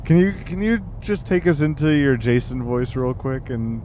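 A man's voice: mid-range voice, lively intonation, warm tone, a little hiss or hum. A man co-hosting a podcast, teasing and chiming in during casual banter. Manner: teasing, quick to chime in. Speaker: podcast co-host.

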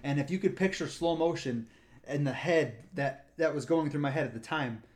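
This park ranger's voice is fairly high and somewhat dark, and he keeps a moderate pace. Co-hosting a casual podcast, he rambles through a tale from his park work, imitating each person he mentions.

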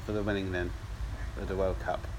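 A man's voice: sits low, a little fast, noisy background. A man in his thirties with an English accent, co-hosting a casual podcast chat, laughing easily and stumbling over his words. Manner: animated, chatty, laughs easily, stumbles and restarts. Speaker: podcast co-host.

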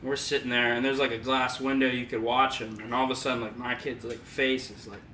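A man's voice: medium pitch, flat delivery, fast talker, bright, forceful tone. A man casually telling a funny story, laughing often and acting out the quotes. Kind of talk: casual chat. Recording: echoey room, distant mic, background noise.

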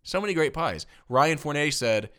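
A man's voice: fairly high pitch, lively intonation, normal speed, fairly bright tone, clean tone. A man from Tennessee co-hosting a casual chat, joking and reading out listener comments. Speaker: podcast co-host.

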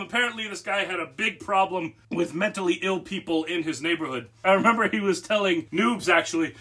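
Bright, husky podcast storyteller man. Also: high-pitched, brisk, hardly any pauses. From Massachusetts, USA. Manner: animated, laughing storyteller. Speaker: podcast co-host. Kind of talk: casual podcast chat.

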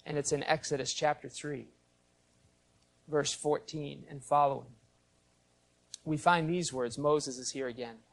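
A man's voice: fairly high pitch, steady tone, unhurried, creaky, pauses often. A man, a pastor, preaching an expository sermon in a teacherly way, explaining terms and putting questions to the congregation.

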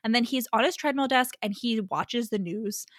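A young woman recapping a story in casual chat, animated and full of mock outrage, peppered with "like". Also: a little high, moderate pace, no room sound, studio quality.

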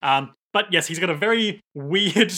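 A man's voice: high voice, animated, bright, forceful tone. A man co-hosting a podcast, chatting casually and joking as he recaps a show. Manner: joking, rambling, quick asides. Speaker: podcast co-host. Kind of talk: casual chat recapping an anime.

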